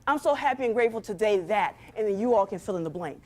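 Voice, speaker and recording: Speaking from a stage, a woman delivers a motivational talk directly to her audience, her lively rhythm reminiscent of a preacher. Her voice sits in the mid range and she moves at a quick pace.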